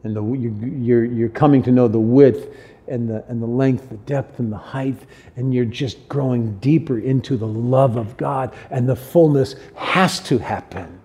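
A man's voice: medium pitch, a little slow, warm tone. A middle-aged man preaching a sermon as pastor, speaking earnestly and tenderly with frequent restarts.

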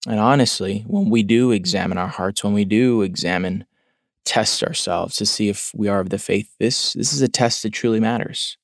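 A man's voice: on the low side, moderate pace, no echo, clean studio sound. A man preaching a sermon in an earnest, questioning way, repeating words for emphasis. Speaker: pastor.

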